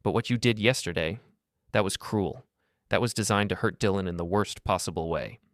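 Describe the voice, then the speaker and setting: A man's voice: sits low, a little fast, no room sound, clean studio sound, natural voice. A man voicing a defensive wife who speaks in a cutting tone and at times pleads. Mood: pleading.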